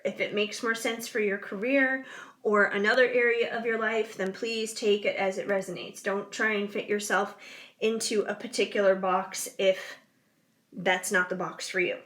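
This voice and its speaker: A woman's voice: mid-range voice, a bit bright. A woman reading tarot cards for viewers in a chatty, rambling way, with lots of fillers, yawning now and then. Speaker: tarot reader.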